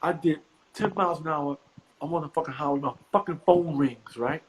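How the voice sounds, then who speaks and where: A middle-aged man from the US East Coast, a comedian guest telling profane stories with animated, high-pitched acted quotes. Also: brisk, noisy background. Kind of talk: animated storytelling.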